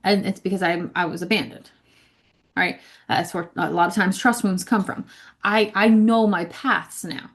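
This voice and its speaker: A woman who leads a ministry gives a casual spiritual teaching talk in a fairly low, steady voice at normal speed. She's chatty and repetitive, often checking in with "right?", leaning on "like," and repeating words.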